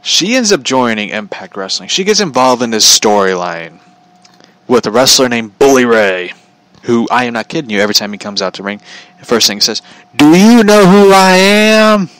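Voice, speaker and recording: A man's voice: on the low side, expressive, a little fast, fairly bright tone, dry recording, poor audio. A man giving a casual, sarcastic rant about wrestling, laughing often as he talks. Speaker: commentator.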